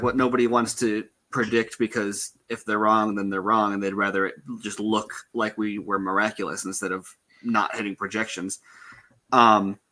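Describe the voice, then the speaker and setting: A man's voice: on the low side, sharp tone. A man in a casual stream chat, talking things through thoughtfully with lots of ums and hedges.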